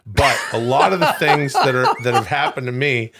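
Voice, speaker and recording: A man's voice: medium pitch, normal speed, creaky, heavy background noise. A male co-host with a mid-range voice chatting on a comedy podcast. He rambles, swears freely and keeps things loose and joking, trailing off and restarting as he goes. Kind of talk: casual comedic chat.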